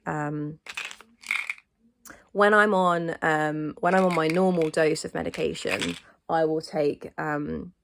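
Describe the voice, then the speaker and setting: A woman talks through a casual vlog, her voice lowish and edged with gravelly fry. She rambles and restarts with plenty of ums, sounding stuffy-nosed from hay fever. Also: steady tone, slow, noisy background. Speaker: vlogger.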